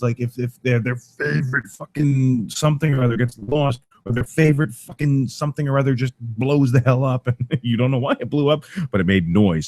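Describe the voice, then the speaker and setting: A man's voice: medium pitch, darkish tone. Swearing, exasperated man ranting. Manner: profane, exasperated. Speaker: parent. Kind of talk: angry rant to camera.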